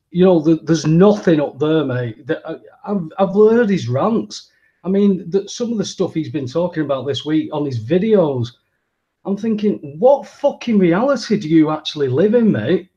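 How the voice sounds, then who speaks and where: A man with a dark, mellow voice, speaking bluntly and swearing a lot. The recording sounds dull and lo-fi. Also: on the high side. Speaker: podcast co-host. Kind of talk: casual chat.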